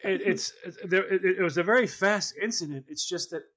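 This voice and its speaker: A man's voice: high-pitched, fairly quick, fairly bright tone. A man telling a comic story in casual talk, acting out other people's voices as he goes. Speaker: storyteller on a podcast.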